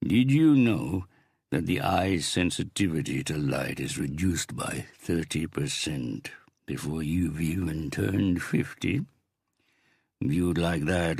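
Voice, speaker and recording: A man's voice: very deep voice, creaky, breathy edge, dry recording, clean studio sound, heavily acted. A man voicing a thundering, mocking crime boss. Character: huge menacing crime boss, theatrical.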